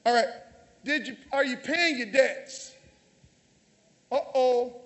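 Slow and a bit bright, this very high male voice belongs to a pastor with a Southern US accent. He preaches to a church congregation, calling out and teasing them, heard via a handheld or stage mic in the sanctuary.

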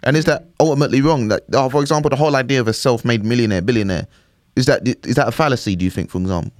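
A man's voice: mid-range voice, very fast, dry recording, studio quality. A man co-hosting a podcast, talking in a loose, musing way and often checking in with "do you know what I mean". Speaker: podcast co-host. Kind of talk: casual chat.

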